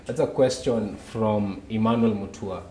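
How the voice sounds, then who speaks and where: A man's voice: on the low side, measured pace, warm tone. A man from Kenya hosting a casual livestream chat, chatty, with lots of fillers and frequent laughter. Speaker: host. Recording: echoey room with faint noise.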